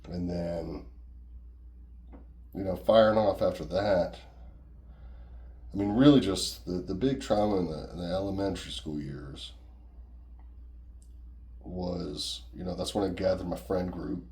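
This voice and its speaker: A man's voice: deep voice, measured pace, gravelly, long pauses, dark tone. A man casually telling a personal story in a rambling, profane, conversational way.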